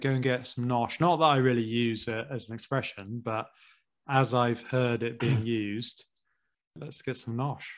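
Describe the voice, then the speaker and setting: British male host, easygoing and curious, mid-pitched. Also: steady tone, normal speed. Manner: easygoing, asks questions, laughs often. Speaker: podcast host, English teacher. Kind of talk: casual podcast chat.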